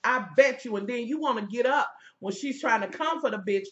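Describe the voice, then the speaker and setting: A woman's voice: fairly high pitch, brisk. Sassy woman ranting about reality tv, cussing a lot, kinda muffled lo-fi sound. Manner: loud, sassy, heated and profane. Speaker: reality show reviewer. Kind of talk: casual profane commentary.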